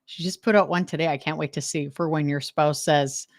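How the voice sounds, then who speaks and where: A woman's voice: low-pitched, fairly even intonation, fairly quick, no echo, clean studio sound. A woman from Western Canada with a Canadian accent, chatting casually and enthusiastically with viewers as host of a live stream, laughing often. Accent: Canadian English. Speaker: host of a decluttering livestream.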